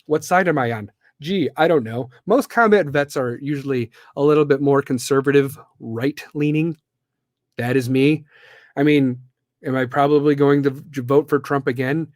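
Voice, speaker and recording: A man's voice: medium pitch, moderate pace, dry recording, studio quality. A man from the Midwestern US hosting a live podcast, ranting bluntly and with plenty of profanity. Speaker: podcast host.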